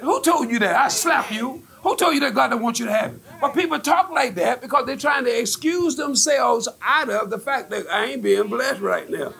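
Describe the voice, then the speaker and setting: A man preaching a fiery sermon as pastor, emphatic and repetitive, rising to shouts as the congregation answers. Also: very high-pitched, moderate pace, gravelly, few pauses.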